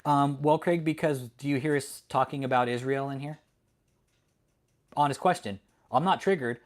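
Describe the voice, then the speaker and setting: A man's voice: medium pitch, moderate pace. A man hosting a livestream, talking casually and heatedly to his chat, swearing a lot and often laughing. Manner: talks directly to chat viewers. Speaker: livestream host.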